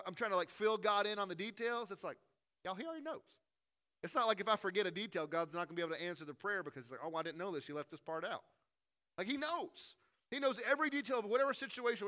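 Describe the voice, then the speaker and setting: Male pastor, high bright voice, casual sermon that swings between quick loud asides and quiet slow stretches.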